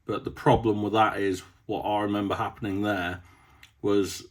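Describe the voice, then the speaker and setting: Young man, farming vlogger, lowish voice, casual rambling chat with ums. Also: flat delivery, normal speed. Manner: rambling, with many ums and a storytelling drift. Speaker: farmer vlogger.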